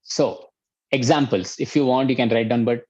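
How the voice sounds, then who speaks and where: A man with an Indian accent, a life coach leading an online workshop, energetic and urging, repeating his commands. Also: medium pitch, moderate pace, no echo.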